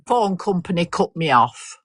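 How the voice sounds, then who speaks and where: A woman's voice: lowish voice, expressive, a little slow, fairly bright tone, dry recording. An older woman, telling a long story in casual chat, swearing mildly and laughing often. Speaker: host.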